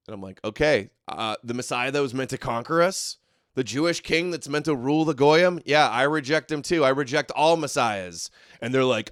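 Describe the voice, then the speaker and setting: A man's voice: mid-range voice, normal speed, dry recording. Male streamer host, mocking and sarcastic, dry close sound, laughs a lot. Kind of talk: livestream commentary reading donations.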